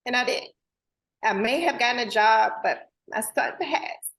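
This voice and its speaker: A fairly high-pitched woman with a bright, forward tone hosts a heartfelt, casual conversation. She sounds earnest and emotional, and talks straight to her listeners in easy, folksy speech. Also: measured pace. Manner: informal and folksy, full of "girl" and "y'all". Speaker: host.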